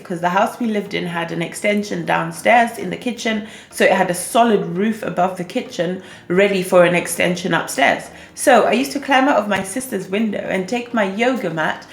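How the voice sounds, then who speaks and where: A woman's voice: medium pitch, normal speed, creaky. A young woman, a manifestation coach, giving chatty, upbeat advice to camera, often checking in with "okay?" and "right?". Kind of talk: casual talk-to-camera advice vlog. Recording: echoey room with faint music behind.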